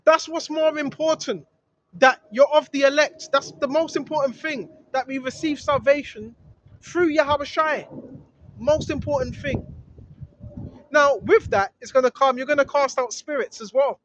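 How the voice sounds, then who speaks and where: A man's voice: extremely high pitch, moderate pace. A man preaching informally, reading scripture and repeating his points with rising emphasis. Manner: emphatic, repetitive, rising to shouts. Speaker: street preacher. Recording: dull lo-fi recording with faint noise.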